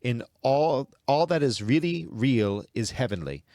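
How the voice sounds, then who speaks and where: A man's voice: medium pitch, lively intonation, measured pace, darkish tone, no echo, clean studio sound. A man reading out the lines of a stern older male guide in an attempted Scottish accent. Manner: stern, instructive.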